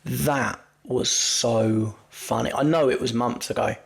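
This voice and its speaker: Gravelly man rambling through a recap. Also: mid-range voice, steady tone, takes it slowly. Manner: rambling, self-deprecating, stumbles over words. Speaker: podcast host. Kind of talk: casual wrestling recap chat.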